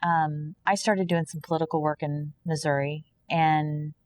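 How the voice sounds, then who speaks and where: Guest, female, from Kansas: fairly low voice, earnest and preachy testimony, slips into quoted dialogue. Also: level tone, a little slow. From Kansas, USA. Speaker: podcast guest. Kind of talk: personal faith testimony in conversation.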